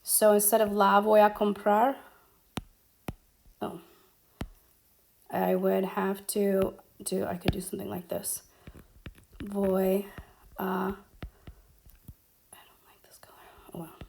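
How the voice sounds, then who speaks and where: A woman's voice: mid-range voice, vocal fry, darkish tone, slight background noise. A woman teaching Spanish grammar at a whiteboard, explaining step by step with frequent ums. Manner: slow, explaining step by step with fillers.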